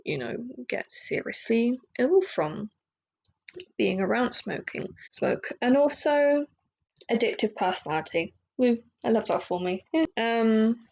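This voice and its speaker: Young woman podcast host, slightly high voice, candid, rambling, filler-heavy. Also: lively intonation, measured pace, gravelly, a little mellow, low-quality recording. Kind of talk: casual solo podcast monologue.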